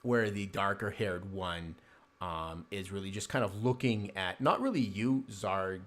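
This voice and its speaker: A man runs a tabletop game as game master, narrating scenes in a halting way with lots of fillers. His voice sits fairly low. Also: a bit bright.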